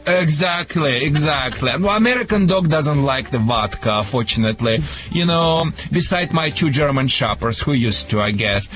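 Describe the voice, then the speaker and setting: A man with a Russian accent, an animated and jokey guest on a radio show, speaking halting English. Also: on the high side, soft background music. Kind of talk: radio call-in chat. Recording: slightly dull radio sound with hiss.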